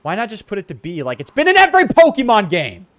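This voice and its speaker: A young man streaming a game, joking loudly with chat and reading in-game text aloud. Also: high-pitched, wildly swooping pitch, quick pace, no echo. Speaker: gaming streamer. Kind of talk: casual let's-play commentary.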